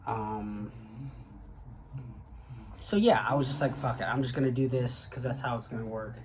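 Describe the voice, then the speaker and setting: A man's voice: mid-range voice, fairly even intonation, normal speed, background noise. Rambling young man vlogging casually. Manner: rambling, with frequent fillers and profanity. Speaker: graduate student.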